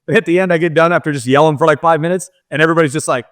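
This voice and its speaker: A man's voice: a little high, steady tone, very fast, fairly bright tone, slight background noise. A man, a podcast guest, telling a personal story in candid, casual talk full of "like" fillers.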